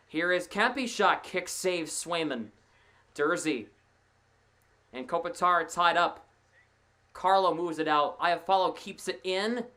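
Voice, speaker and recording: A lowish-voiced woman narrates a hockey game live from a fan's perspective, casual and excitable, quick to break into laughter and trade chatty asides with her co-host.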